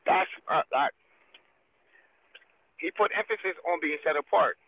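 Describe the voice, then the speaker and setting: A man's voice: on the high side, lively intonation, measured pace, vocal fry. A man on a phone call in a debate, talking bluntly and repeating himself. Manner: repetitive, blunt. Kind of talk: casual debate over a call. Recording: tinny phone line with faint hiss.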